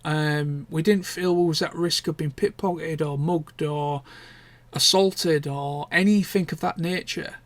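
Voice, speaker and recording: A man's voice: on the high side, steady tone, unhurried, no room sound. A young man, chatting casually and candidly in a rambling vlog catch-up, with the odd swear word. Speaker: vlogger. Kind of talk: casual chat.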